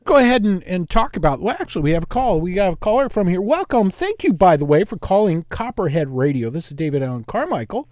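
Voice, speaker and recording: A man's voice: high voice, very animated, fast talker, hardly any pauses, darkish tone, dry recording. A man from East Los Angeles hosting a call-in talk radio show, rambling and jumping between topics.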